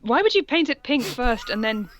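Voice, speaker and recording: A woman's voice: fairly high pitch, sing-song, normal speed, fairly bright tone, a little hiss or hum. A woman co-hosting a podcast, reading a story aloud for laughs and breaking off to joke and giggle. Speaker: podcast co-host. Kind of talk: comic reading and reaction chat.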